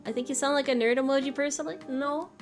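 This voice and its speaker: Young woman, high voice, giggly casual streamer chat, faint music under it. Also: fairly even intonation, quick pace. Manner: giggly, self-deprecating, trails off and restarts. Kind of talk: casual chat reading viewer messages.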